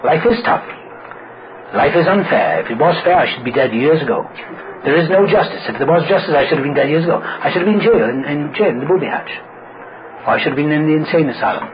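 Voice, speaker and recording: A man's voice: a little high, expressive, quick pace. Man, wry storyteller at a recovery meeting, acts out voices; muffled, hissy recording. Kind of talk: humorous personal story told to an audience. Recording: muffled recording with loud background noise.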